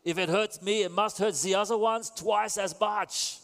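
A man putting on a German accent as a gruff, fierce male cyclist, loud and strained. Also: sits high, steady tone, moderate pace, long reverb tail, voice pushed up. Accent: German, put on.

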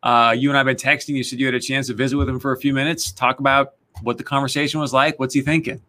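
A man's voice: mid-range voice, little pitch movement, quick pace, sharp tone. A man hosting a live stream, introducing a guest and asking him questions. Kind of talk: interview introduction.

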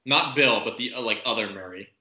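A man's voice: mid-range voice, fairly quick, pushed and bright. A young man co-hosting a podcast, rambling and joking with lots of fillers. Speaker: podcast co-host. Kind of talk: casual banter. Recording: echoey room.

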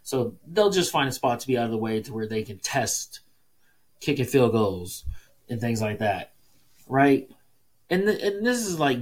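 A man hosting a solo sports podcast, ranting casually and heatedly, with frequent swearing and emphatic rises in pitch. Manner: heated, profane, emphatic, fast swings in pitch. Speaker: podcast host.

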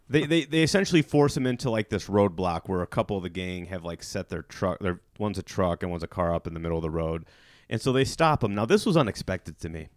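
A man's voice: sits low, lively intonation, fairly quick, no room sound, clean studio sound. A man with a Midwestern accent hosting a casual movie podcast, animatedly acting out characters as he recaps the plot. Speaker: podcast host.

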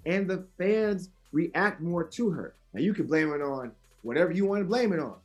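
A man's voice: high-pitched, lively intonation, normal speed. A man arguing his side in a heated wrestling debate on a podcast, emphatic and insistent, repeating his points.

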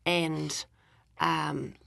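A woman's voice: low-pitched, flat delivery, very slow, vocal fry, fairly bright tone. A woman in her forties interviews a guest, speaking candidly and murmuring agreement as she listens. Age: 40s. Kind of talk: casual chat.

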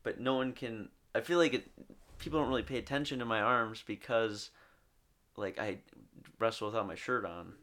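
Chill young dude on a podcast, kinda low voice, rambles with lots of likes. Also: male voice, moderate pace, a bit bright. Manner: laid-back, rambling, full of "like" fillers. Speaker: podcast co-host. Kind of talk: casual chat.

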